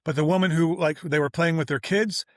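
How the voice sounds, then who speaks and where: A man telling a story informally on an interview show, animated and slangy, voicing everyone he quotes. His voice sits a bit higher than most men's. The recording is close and dry, with no room sound. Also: a little fast, no room sound. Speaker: guest, business owner.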